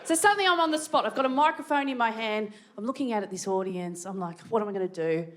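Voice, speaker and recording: An Australian woman doing animated, brash stand-up storytelling on a theatre stage, acting out the people in her stories. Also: a little high, fast. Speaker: stand-up comedian. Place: large theatre stage with a live audience. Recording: live theatre with crowd and noise. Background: audience laughter.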